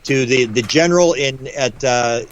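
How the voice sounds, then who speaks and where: A man as guest author in a casual interview, rambling with quick restarts and acting out the voices he quotes. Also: mid-range voice. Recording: dull lo-fi audio.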